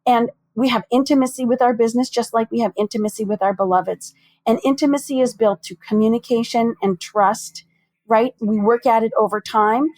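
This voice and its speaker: A woman therapist speaks as a podcast guest in a measured, reflective way. Her voice sits a little high and stays calm and deliberate. The sound is dry and close. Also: no room sound. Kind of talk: measured, reflective interview talk.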